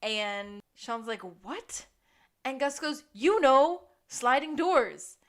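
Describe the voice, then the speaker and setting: Chatty woman cohost, a bit higher voice, laughs a lot and goes off on little tangents. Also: animated, slow. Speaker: podcast co-host. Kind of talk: casual recap chat.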